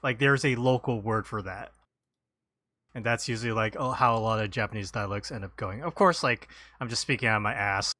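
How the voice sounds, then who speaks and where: A man's voice: on the low side, brisk, pushed and bright, no room sound. A man chatting casually on a podcast in a loose, self-deprecating way. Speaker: podcast host. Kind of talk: casual chat.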